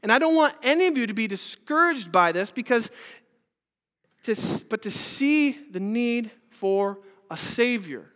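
A pastor preaching an earnest sermon at a church service, asking many rhetorical questions and moving between loud and hushed delivery. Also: male voice, extremely high pitch, lively intonation, a little slow. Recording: reverberant hall.

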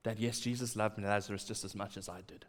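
A man's voice: lowish voice, steady tone, a little fast. Man preaching in a reverberant hall. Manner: acts out quoted lines, drops to quiet asides. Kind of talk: sermon.

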